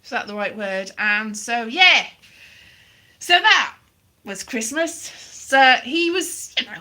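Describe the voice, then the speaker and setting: A woman with a slightly high, bright, forceful voice talks loosely and wryly, drifting from topic to topic. She sounds like she is speaking into a phone held at arm's length during a casual live stream. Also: expressive, slow. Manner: rambling, wry, self-deprecating. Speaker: vlogger.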